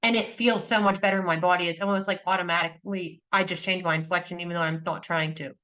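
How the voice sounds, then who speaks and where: A woman's voice: on the low side, fairly even intonation, fast talker, fairly bright tone. A woman, likely in her thirties, a podcast guest talking earnestly and animatedly in casual conversation.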